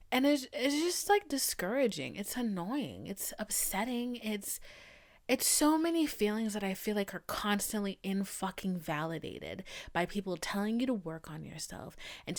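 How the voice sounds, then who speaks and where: A woman's voice: medium pitch, very animated, moderate pace. A young woman in her twenties hosting a solo podcast, ranting bluntly and with exasperation, sometimes dropping into whispers and swearing. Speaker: podcast host. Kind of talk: casual solo podcast rant.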